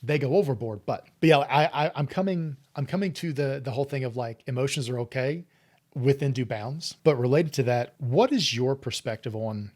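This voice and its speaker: A man hosting a podcast interview, a psychologist talking in a candid, animated way with frequent swearing. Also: mid-range voice, normal speed. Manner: candid, profane, animated storytelling. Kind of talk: casual interview chat.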